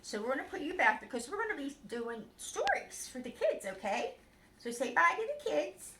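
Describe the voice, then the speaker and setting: An older woman who hosts a children's bedtime story show, chatting in an animated, sing-song way with puppets. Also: high voice, normal speed, background noise. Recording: echoey room.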